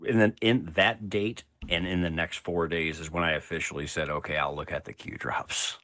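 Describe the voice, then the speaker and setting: A man joins a casual livestream as a guest, talking in an animated way with casual swearing. His voice sits very low. The sound is dry and close, with no room echo. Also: normal speed.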